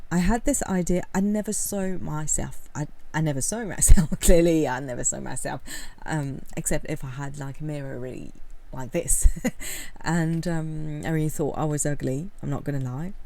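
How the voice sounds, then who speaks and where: Woman video essayist: candid, unhurried, rambling commentary in a low register. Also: no room sound. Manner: candid, rambling, with frequent fillers and soft laughs. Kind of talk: casual talking-head commentary.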